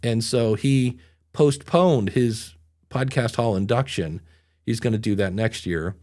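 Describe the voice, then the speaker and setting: This middle-aged podcast host has a mid-range, darkish voice and an unhurried delivery. His casual chat is full of meandering, self-mocking stories.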